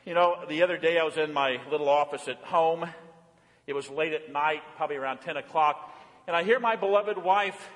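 A man preaching a sermon as pastor, swinging from lively and playful to hushed and earnest. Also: a little high, fairly quick, long reverb tail. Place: church.

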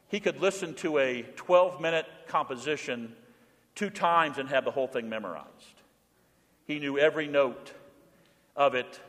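A middle-aged pastor with a high voice preaches with emphasis, slowing down to lead the congregation in repeated lines. His voice carries a long reverb from the church sanctuary. The delivery is a full sermon. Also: a bit bright.

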